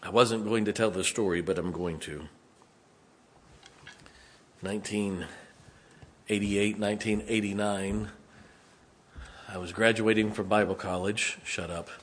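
A man in his fifties, a pastor preaching a sermon, telling a personal story and dropping to a hushed, emotional tone. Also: fairly low pitch, fairly even intonation, measured pace, pauses often, slight background noise.

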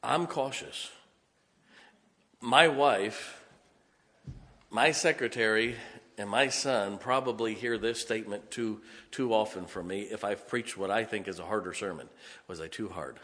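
A man's voice: on the low side, a little slow, sharp tone. A middle-aged man pastor preaching a sermon, telling folksy stories and laughing often. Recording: reverberant hall.

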